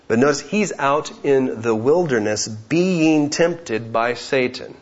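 A man's voice: mid-range voice, animated, takes it slowly, few pauses, lo-fi sound. A man preaching an expository sermon, who keeps asking rhetorical questions and acts out the voices of the people in the story.

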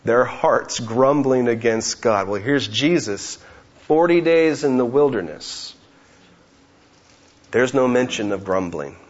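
A man's voice: medium pitch, lively intonation, slow pace, lo-fi sound. A man preaching an expository sermon, who keeps asking rhetorical questions and acts out the voices of the people in the story.

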